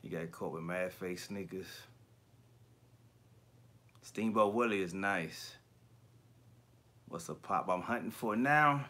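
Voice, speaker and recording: A man hosting a casual livestream chat about collectibles, talking in slangy, profane bursts and animated storytelling. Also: sits low, slow pace, long pauses. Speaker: YouTube collector channel host.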